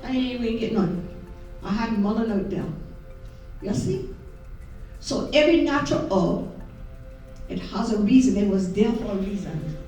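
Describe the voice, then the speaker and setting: A woman's voice: medium pitch, expressive, normal speed, long pauses, dark tone, faint music behind. A middle-aged woman with a Gullah accent, giving a folksy live talk to an audience and often asking "you see?". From South Carolina Lowcountry. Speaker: Gullah historian and interpreter. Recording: echoey room from far off.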